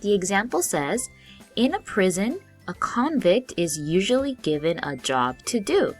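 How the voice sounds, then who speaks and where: A woman's voice: medium pitch, sing-song, a little slow, faint music behind. A woman teaching English vocabulary to learners, explaining each word patiently in simple terms. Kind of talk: slow, clear classroom explanation.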